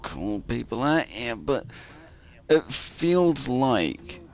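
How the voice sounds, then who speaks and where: A man's voice: mid-range voice, very animated, drawn-out words. A young man co-hosting a casual gameplay chat, rambling with lots of fillers. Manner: rambling, filler-heavy, drops to mumbles. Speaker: co-host.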